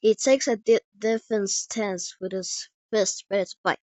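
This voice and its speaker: A woman's voice: medium pitch, a little slow, few pauses, a little mellow, no echo. A woman improvising a fan story as narrator, stumbling and restarting often. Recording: dull dry lo-fi recording.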